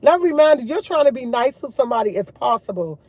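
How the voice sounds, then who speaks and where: A young woman vlogging to her viewers, retelling a run-in in an animated, emphatic way with slang and swearing. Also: a little high, fast, dry recording. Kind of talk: casual storytelling chat.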